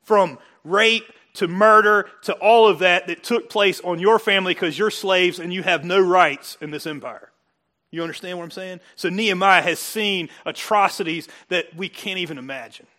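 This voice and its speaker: A man preaching a sermon, animated and joking, building to excited emphasis. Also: fairly high pitch. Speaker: pastor.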